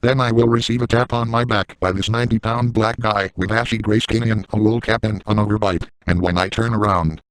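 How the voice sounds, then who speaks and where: A man voicing a crude, boastful middle-aged man in a comedic first-person monologue, delivering insults in a flat, matter-of-fact way. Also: lowish voice, fairly quick, few pauses, lightly acted, low-quality recording.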